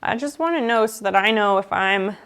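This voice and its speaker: A woman's voice: medium pitch, lively intonation, brisk, a bit bright. A woman chatting casually with her live-stream viewers while she restores a table, joking and guessing names. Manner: chatty, joking, talks to chat while working.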